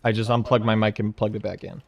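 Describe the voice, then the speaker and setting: A man's voice: fairly low pitch, fairly even intonation, fast, gravelly, no room sound, muffled recording. A male streamer chatting casually while he plays a game, rambling, trailing off and swearing now and then. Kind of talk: casual gaming stream chat.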